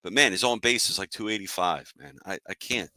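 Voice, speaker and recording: Male sports-show host, lowish voice, casual irritated rant, answers live chat. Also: lively intonation, a little fast, pushed and bright. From Philadelphia area. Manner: annoyed, fired-up, talks to chat viewers.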